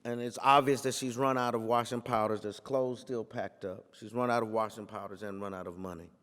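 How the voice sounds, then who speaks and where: A man, a pastor, giving a talk full of storytelling in a preaching cadence, repeating phrases and building to forceful peaks. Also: fairly low pitch, fairly even intonation, a little fast, long reverb tail.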